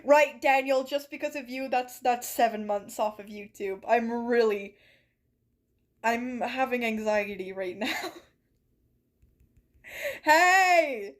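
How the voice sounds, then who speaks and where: A woman live-streams a game from her bedroom, bantering with her viewers in playful mock drama. She talks slowly in a voice on the high side, leaving long pauses.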